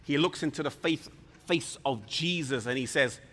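A man preaching a sermon in an animated way, acting out scripture with voices. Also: on the high side, moderate pace. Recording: reverberant hall.

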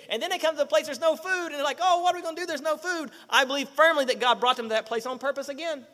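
A middle-aged man preaches with a very high, bright and forceful voice. He acts out little quoted voices and peppers the congregation with rhetorical questions. The sound rings with long reverb, as in a church hall. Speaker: pastor. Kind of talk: sermon.

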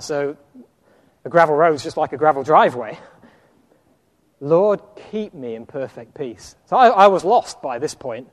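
A man preaching, telling a personal anecdote in an animated storytelling sermon with acted-out quotes. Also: fairly high pitch, in a large hall.

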